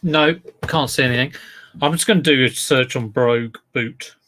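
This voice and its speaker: A man's voice: mid-range voice, moderate pace, a bit bright. A man hosting a casual reseller livestream, chatting to viewers in a rambling way while he handles and lists items.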